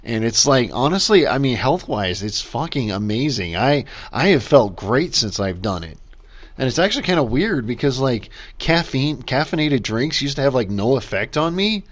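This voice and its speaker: Male podcast host, middle pitch, caffeinated rambling rant, profane, muffled home recording. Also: sing-song, normal speed. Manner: rambling, lots of fillers and restarts, profane. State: caffeinated, talking fast. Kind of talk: casual solo rant.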